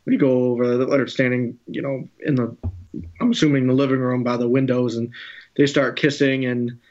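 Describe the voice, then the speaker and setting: A man on a podcast calmly recounting a comic's dialogue in a measured way. His pitch is middling, and the recording sounds dull and lo-fi. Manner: measured, retells dialogue plainly. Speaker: podcast co-host. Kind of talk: casual comic book discussion.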